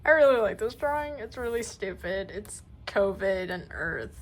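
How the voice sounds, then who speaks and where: A woman's voice: medium pitch, animated, moderate pace, rough recording. Gushing, rambling young woman. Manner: gushing, rambling, trails off into mumbles. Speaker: artist showing her sketchbook. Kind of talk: casual sketchbook tour.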